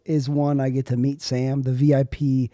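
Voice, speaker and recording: A man's voice: mid-range voice, little pitch movement, normal speed, warm tone, dry recording, studio quality. A man co-hosting a podcast, a stand-up comedian riffing playfully on jokes in casual chat.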